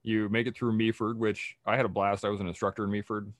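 A man's voice: on the low side, flat delivery, fast, no room sound, clean studio sound. A man hosting a podcast interview, a former army instructor, greeting listeners upbeat and keeping prompts short.

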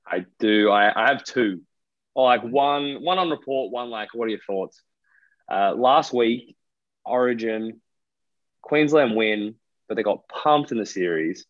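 A man's voice: medium pitch, unhurried, no echo. Man, young adult, Australian accent, casual podcast co-host, rambling, dry lo-fi sound. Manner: rambling, many fillers and restarts. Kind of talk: casual chat.

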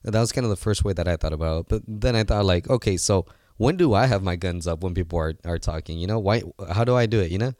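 A man's voice: deep voice, quick pace, few pauses, darkish tone, no echo, studio quality. A man in his twenties, a guest on a casual interview, talking earnestly and rambling with many fillers and restarts. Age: 20s. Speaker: guest, seminar organizer.

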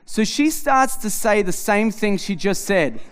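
A man's voice: high voice, expressive, unhurried, a bit bright, clean tone. A man preaching a humorous sermon in a church, telling stories animatedly and acting out both sides of conversations. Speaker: pastor.

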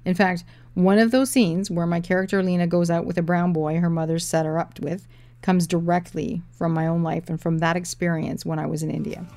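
A woman's voice: lowish voice, level tone, a little fast, mellow. A woman in her thirties, an author, telling her own story with dry humor and reading from her novel. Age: 30s.

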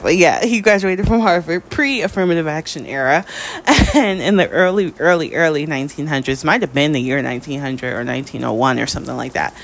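An American woman delivering a spoken opinion monologue, emphatic, with her pitch rising on key points. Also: a little hiss or hum. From United States.

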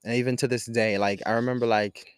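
A young man from Jamaica telling a casual story in a slangy, animated way, swinging between laughing and hushed tones. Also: medium pitch, fast talker, clear, resonant tone, no room sound, studio quality.

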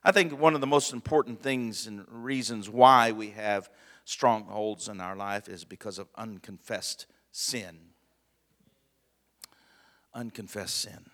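A male pastor preaching a sermon in a relaxed, conversational way, asking for amens and chuckling with his congregation. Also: on the low side, slow. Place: church sanctuary. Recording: long church hall reverb.

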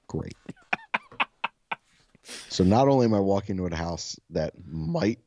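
A self-described soft-spoken man, a podcast co-host, telling a story casually, swearing freely and laughing often. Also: low-pitched, expressive, slow.

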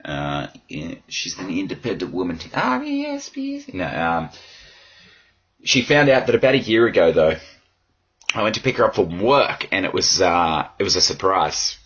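A deep-voiced man hosts a casual solo podcast, hoarse and rambling with crude, self-deprecating humour. His tone is bright and forceful. The recording sounds dull and lo-fi. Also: lively intonation, moderate pace. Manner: rambling, crude, self-mocking with frequent laughs. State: hoarse from yelling. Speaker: podcast host.

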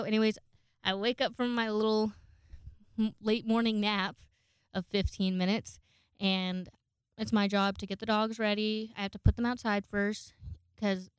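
A woman chats through a long personal story, cursing freely and circling back with fillers as she goes. Her voice is smooth and clean, close to the microphone in a dry room with no echo. She sounds like a casual home vlog. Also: mid-range voice. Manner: chatty, profane, rambling with frequent fillers. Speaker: vlogger. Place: home, indoors.

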